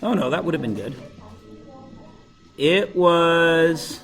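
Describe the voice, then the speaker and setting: Animated joking male teacher, echoey room. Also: on the high side, takes it slowly, faint music behind. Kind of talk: casual classroom talk with anecdotes. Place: classroom.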